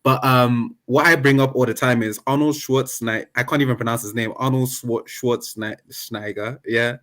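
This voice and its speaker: A man's voice: mid-range voice, brisk. Talkative man guest. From Nigerian background. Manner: animated and talkative, jokes and laughs. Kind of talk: casual interview chat.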